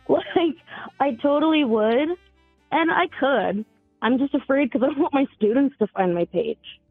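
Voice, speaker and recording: A woman's voice: high voice, lively intonation, measured pace, dry recording, soft background music. A woman in her twenties calling in to a talk show, rambling casually with lots of fillers and the odd swear. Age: 20s. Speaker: caller. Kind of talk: casual phone chat. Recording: tinny phone line.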